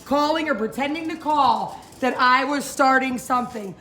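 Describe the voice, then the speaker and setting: A woman's voice: sits high, normal speed, a bit bright, a little hiss or hum. A woman livestreaming outdoors on a city street at night, talking into her phone in a flamboyant, rambling way and jumping from topic to topic.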